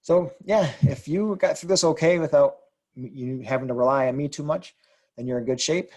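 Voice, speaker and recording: A man's voice: fairly high pitch, normal speed, a little mellow. A man teaching a language lesson, explaining rules patiently and spelling words out letter by letter. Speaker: Spanish teacher. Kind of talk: explaining grammar on a whiteboard.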